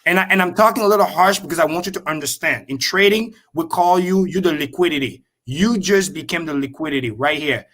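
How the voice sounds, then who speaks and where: A man's voice: a little high, a bit bright. Blunt, profane man explaining crypto charts. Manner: emphatic, blunt and profane, repeats points slowly. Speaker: guest crypto trader. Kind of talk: casual livestream chart explanation.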